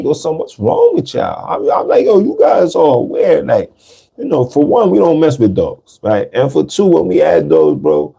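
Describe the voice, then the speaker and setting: In a casual monologue, a podcast host talks in street slang, repeating words for emphasis. His voice is medium in pitch and warm in tone.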